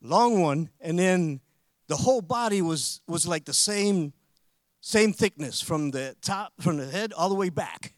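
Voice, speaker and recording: A man with a high voice preaches a sermon, telling a story in an animated way that climbs into forceful proclamations. The sound is close and dry, with almost no room echo. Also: unhurried.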